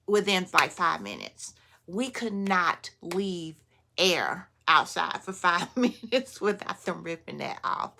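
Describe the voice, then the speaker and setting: A woman vlogger telling a story in a casual, animated way, often laughing and talking straight to her viewers. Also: fairly low pitch, slow pace, creaky.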